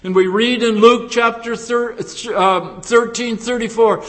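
A high-voiced man preaches with fervent, pleading intensity, rising to loud appeals and sinking to hushed ones. He takes his time over every phrase. His voice rings with the long reverb of a big hall. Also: takes it slowly, hardly any pauses. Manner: impassioned pleading, swelling loud then dropping to near hush. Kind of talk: sermon.

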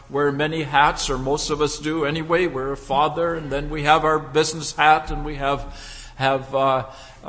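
A man preaching a sermon, building his points through deliberate rhetorical questions. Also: on the high side, fairly bright tone, big-room sound.

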